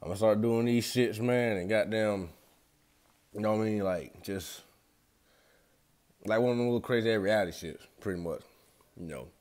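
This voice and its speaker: Young guy vlogging, low voice, slangy and cussing a lot, just talking to the camera. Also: moderate pace, pauses often, a little mellow. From Atlanta, USA. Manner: loose, slangy and profane, talks straight to viewers. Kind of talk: casual rambling vlog.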